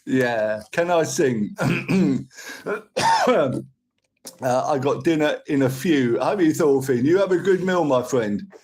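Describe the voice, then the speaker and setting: A man's voice: mid-range voice, animated, takes it slowly, darkish tone, a little hiss or hum, poor audio. Older Cockney man rambling on a livestream. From London. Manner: chatty, rambling, thanks viewers for gifts. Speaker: live streamer. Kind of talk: casual live-stream chat with viewers.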